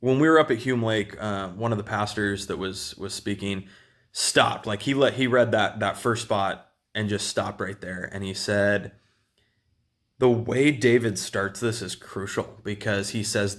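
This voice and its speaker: A man's voice: fairly low pitch, a little slow, fairly bright tone. A man giving a casual, conversational sermon with many fillers and restarts. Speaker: preacher.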